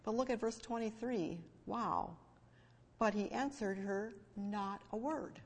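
A woman's voice: mid-range voice, slow, husky. Female preacher, emphatic sermon delivery, reverberant sanctuary sound. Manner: emphatic, swings between hushed and loud fervent stress. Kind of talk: sermon with scripture reading. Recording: long hall reverb.

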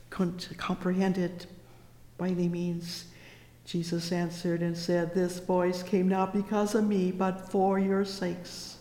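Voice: medium pitch, darkish tone. A preacher giving a fervent sermon, reading old-fashioned scripture and exclaiming praise between lines. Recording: echoey hall.

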